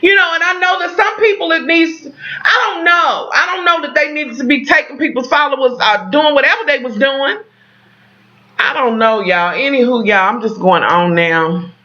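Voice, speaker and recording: Profane, rambling woman vlogger, bright voice. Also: high voice, moderate pace. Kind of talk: casual vlog rant to viewers. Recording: dull lo-fi sound.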